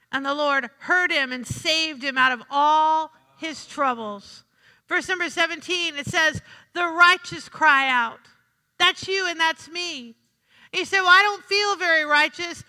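A woman preaching to her congregation in a very high, piercing voice, her words ringing out through a church hall with a long reverb. She works the room with call-and-response and says key lines twice. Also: pushed and bright. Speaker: pastor. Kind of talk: sermon. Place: church sanctuary.

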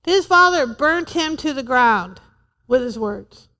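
A woman's voice: high-pitched, lively intonation, takes it slowly, bright, forceful tone, long reverb tail. A woman in her forties preaching a sermon to a church, humorous and emphatic, repeating her points. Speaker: pastor's wife preaching.

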